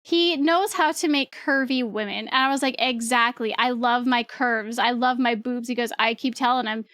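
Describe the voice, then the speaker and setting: Excitable high-voiced young woman streamer. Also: moderate pace, no room sound, clean studio sound. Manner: rambling, excitable, laughs often, swears casually. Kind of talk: casual storytelling to stream chat.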